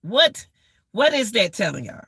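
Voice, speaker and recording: Live-stream host, woman, middle-aged: slow, gravelly, bright-edged voice, ranting and repeating lines to her viewers. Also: on the low side, animated, no echo, studio quality. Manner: exclaiming, repeats herself, addresses viewers as y'all. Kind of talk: casual live-stream rant.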